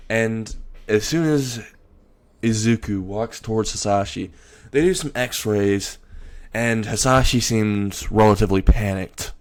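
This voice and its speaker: A young man narrating an improvised story in a loose, halting way with frequent restarts. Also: lowish voice.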